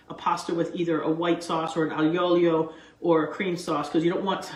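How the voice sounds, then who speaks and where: A woman hosting her own cooking show, chatting excitedly and wandering off on tangents, recorded in a kitchen. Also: on the low side. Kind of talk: casual cooking vlog chat. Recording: echoey kitchen room sound.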